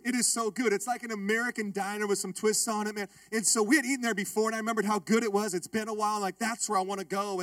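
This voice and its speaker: A male pastor telling a funny story in his sermon, joking with and calling out to the congregation in a lively way. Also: high voice, no echo. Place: church.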